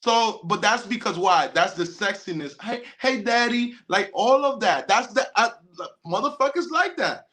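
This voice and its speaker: A man's voice: high-pitched, expressive, normal speed, few pauses, bright, forceful tone. A man of Colombian background chatting loosely as a podcast guest, often restarting his sentences. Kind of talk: casual podcast chat.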